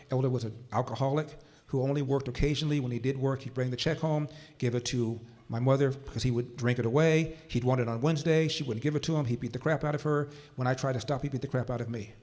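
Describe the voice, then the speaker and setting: On a conference hall stage, an older man with a medium-pitched voice tells a personal story that leads into a political speech. He slows down and goes quiet for emphasis, then builds up to forceful points.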